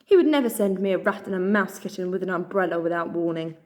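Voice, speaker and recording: A woman's voice: on the low side, quick pace, natural voice. A woman voicing a stern, suspicious female hedgehog leader who snaps and interrogates in a storybook reading. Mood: scornful. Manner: sharp, interrogating, scoffing.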